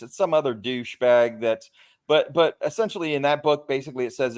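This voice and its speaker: A man's voice: medium pitch, brisk, darkish tone. A man, a livestream panelist chatting casually, rambling and joking and swearing freely. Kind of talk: casual stream chat.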